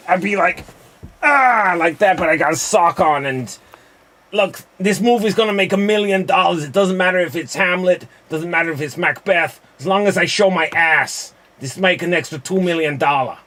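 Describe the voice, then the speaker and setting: Man doing a loud brash action-star impression, mangled put-on accent, raised pitch, boastful. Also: normal speed. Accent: mangled put-on accent, Cuban-leaning. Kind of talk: improv impression.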